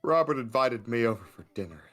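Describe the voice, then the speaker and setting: A man's voice: mid-range voice, expressive, a little fast, a bit bright. A man bantering casually on a voice-acting stream, swearing and laughing. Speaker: dub actor.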